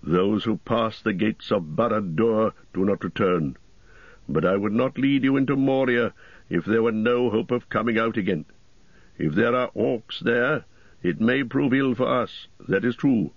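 A man voicing a grave, commanding old wizard in a slow, solemn, measured way. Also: on the low side, dry recording, lo-fi sound.

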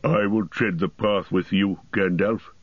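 A man reading the lines of an eager dwarf warrior in an audiobook, gruff and earnest. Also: lowish voice, fairly even intonation, a little slow, dry recording, dull audio. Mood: determined.

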